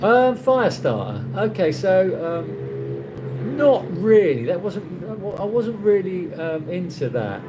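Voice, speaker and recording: Taking it slowly, this man speaks in a high-pitched, sing-song voice with background noise in the clip. He is a middle-aged livestream host from London, England, with a London accent, casually chatting, reading out viewer comments, and rambling with plenty of restarts.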